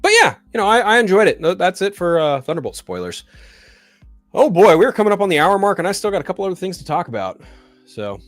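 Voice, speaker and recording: A man's voice: sits high, big pitch swings, fast, no echo. Guy ranting on his live stream, cursing a lot, voice swinging way up and down, bit of music behind. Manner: profane, ranting, rises into loud exasperation. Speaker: solo live-stream host. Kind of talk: casual live-stream commentary.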